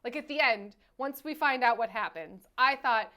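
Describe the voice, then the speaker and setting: A woman co-hosting a casual movie review podcast, animated and often acting out quotes in silly voices. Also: a little high, normal speed. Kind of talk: casual chat.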